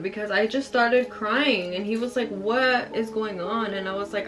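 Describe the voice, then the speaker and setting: A woman's voice: medium pitch, moderate pace, few pauses. Chatty young woman vlogger, casual storytime, filler-heavy, heard from a distance over music. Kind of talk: casual storytelling while doing nails. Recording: distant mic with music bed.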